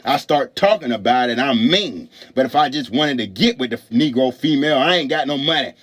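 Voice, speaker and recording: A man's voice: medium pitch, lively intonation, brisk, a bit bright, husky. A man in a profane ranting monologue who repeats and stammers angrily. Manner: repetitive, stammering, angry.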